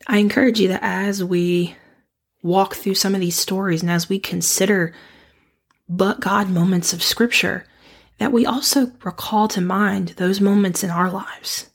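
Woman with a raspy, nasal cold voice. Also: mid-range voice, fairly even intonation. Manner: earnest, reflective, measured. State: recovering from flu, slightly raspy and nasal. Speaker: podcast host. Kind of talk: devotional podcast talk.

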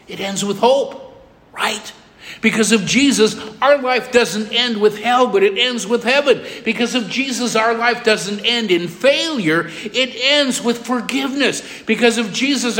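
High-voiced preacher in a reverberant hall. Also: male voice. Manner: emphatic repetition, soft drops for emotional moments. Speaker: pastor. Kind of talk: sermon.

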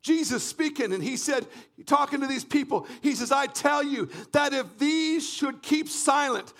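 A man from Canada preaching a fervent sermon, often shouting and repeating phrases in a church. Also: extremely high pitch, measured pace, hardly any pauses. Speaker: pastor.

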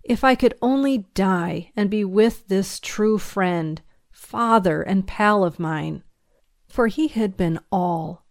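A woman narrates an audiobook chapter in a measured, even voice. She takes her time, and the recording is close and dry with no room sound. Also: medium pitch, no room sound. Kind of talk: scripted narration.

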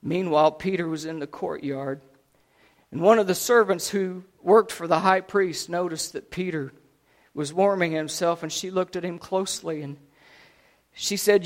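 A man preaching, retelling a scripture story dramatically, swinging between loud and hushed. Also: fairly high pitch, normal speed.

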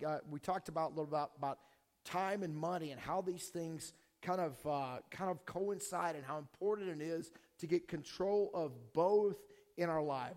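Male pastor, hoarse and strained, chatty sermon delivery, slightly high voice, long reverb. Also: darkish tone. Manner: casual, joking, with many fillers and restarts. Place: church hall before a congregation.

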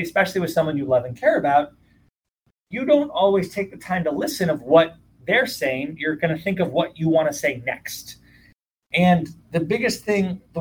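A man's voice: a little high, fairly bright tone, slight background noise, rough recording. A younger man, a therapist, talking earnestly in a casual podcast chat, often restarting his phrases. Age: young adult.

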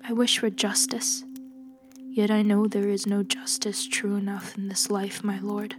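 A calm young healer speaks softly and gravely, as a woman reads her in a storybook tale. Her voice is hushed and steady, low in volume and flat in its melody, with music beneath. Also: lightly acted. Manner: soft, calm, measured speech.

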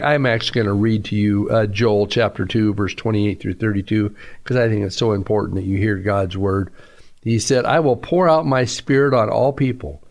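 A man's voice: medium pitch, normal speed, creaky, darkish tone. A man, a pastor, giving an earnest radio sermon that rises to emphatic peaks.

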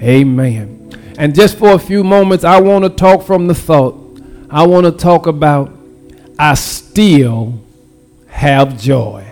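A man's voice: on the high side, a little mellow, faint music behind. A man preaching a livestreamed sermon, drawing the congregation into call and response and repeating his phrases. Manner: slow, drawn-out delivery. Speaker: pastor.

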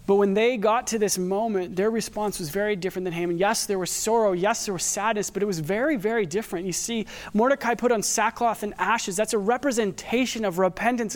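A man with a high voice gives a sermon, preaching in a relaxed, conversational way. He mixes scripture with everyday stories from his own life. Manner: conversational preaching with personal anecdotes. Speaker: pastor.

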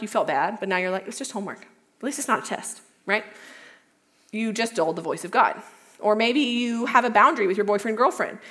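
A young woman giving a casual youth talk, retelling a Bible story in a chatty way with lots of "like" and quick self-corrections. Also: mid-range voice, a bit bright. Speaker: youth speaker.

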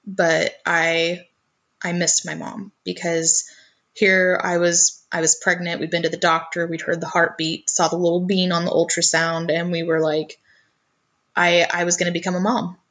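Earnest woman with a lowish voice. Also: a bit bright. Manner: earnest, often repeats her first words. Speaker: guest telling her life story. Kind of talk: personal storytelling in conversation.

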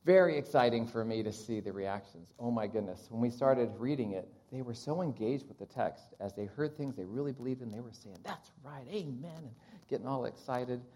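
A man, a Bible translator, telling stories in a church missions talk and acting out the people he quotes. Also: medium pitch. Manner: animated storyteller acting out quotes.

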